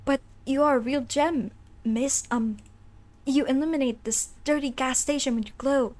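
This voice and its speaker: A shy, awkward male incubus from a game, stumbling over his flirting in a soft, hesitant voice that sits lower and quieter than the rest of the stream, as a woman puts him on. He stammers and backpedals, nervous and eager to please. He is clearly a nerd out of his depth. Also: fairly even intonation, moderate pace, natural voice. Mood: flustered.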